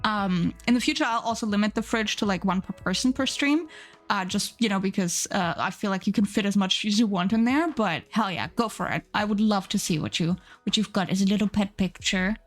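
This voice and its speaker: A young woman streaming live, gushing excitedly over viewers' art and pets, swearing casually. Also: mid-range voice, fairly quick, soft background music.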